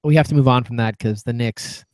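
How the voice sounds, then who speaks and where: A man's voice: mid-range voice, fairly quick, a little mellow, no room sound. Wry male sports podcast host. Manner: wry, reads out listener messages. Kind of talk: casual sports talk.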